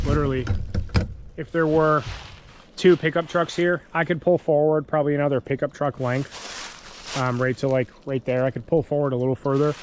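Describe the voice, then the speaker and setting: A man's voice: fairly high pitch, a little hiss or hum. Rambling man vlogging outdoors. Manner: rambling, frequent fillers, grows hushed and frightened. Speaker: vlogger camping in his truck. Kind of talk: casual vlog talk to camera. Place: outdoors in wooded lot, later inside truck.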